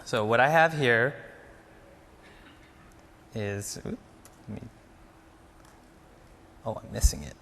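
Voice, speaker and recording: Bright-voiced man demoing code. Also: mid-range voice, lively intonation, slow, vocal fry, pauses often, long reverb tail, a little hiss or hum. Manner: casual, explains while typing, frequent fillers. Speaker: conference presenter. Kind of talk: live coding demo talk.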